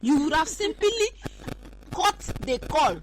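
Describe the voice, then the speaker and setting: A woman hosting a casual chat, ranting in an animated, teasing way and repeating her words. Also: sits high, takes it slowly, a little hiss or hum. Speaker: podcast host.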